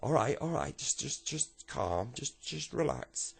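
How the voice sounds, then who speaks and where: A man playing a male police officer who talks calmly and coaxingly, urging someone to relax. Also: mid-range voice, unhurried, creaky, breathy edge, pitched above the performer's own voice, exaggerated voice. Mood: soothing. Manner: reassuring, coaxing.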